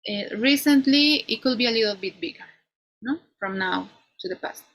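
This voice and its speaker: A woman teaching an English grammar class, explaining slowly and ending many points with "no?". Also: mid-range voice, vocal fry, a bit bright, poor audio. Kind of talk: online class lecture.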